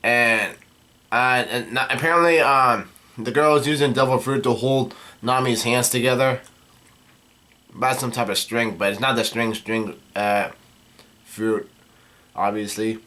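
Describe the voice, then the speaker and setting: A man casually recapping a comic chapter, halting with many fillers and restarts. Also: medium pitch, fairly even intonation, sharp tone.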